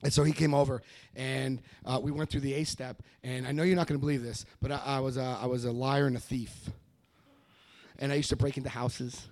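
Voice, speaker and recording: Middle-aged man with a gravelly voice. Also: medium pitch, fairly quick. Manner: rambling, repeats words, animated quoted voices. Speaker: recovery meeting speaker. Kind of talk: personal testimony to a meeting.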